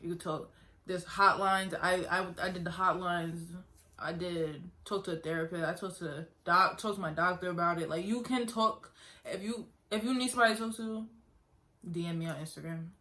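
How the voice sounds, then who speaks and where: A woman's voice: fairly low pitch, steady tone, normal speed, bright, forceful tone. A young woman earnestly telling her own story in a casual vlog, talking conversationally and repeating herself. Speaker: vlogger.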